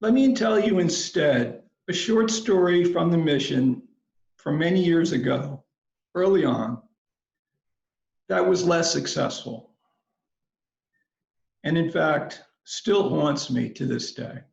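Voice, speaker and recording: A man delivers a commencement address in a slow, unhurried way, with a gravelly edge and a fairly high pitch. His telling is measured and reflective. The recording is roomy and a little dull. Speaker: commencement speaker.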